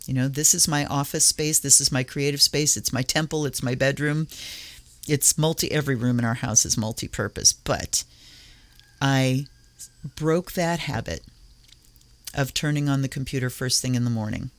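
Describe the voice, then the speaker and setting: This is a woman with a notably low voice, hosting her tarot channel and talking straight to her viewers. She sounds earnest and emotional, choked up and close to tears, and she swears in a relaxed way. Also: normal speed, no echo. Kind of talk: casual spiritual talk to camera.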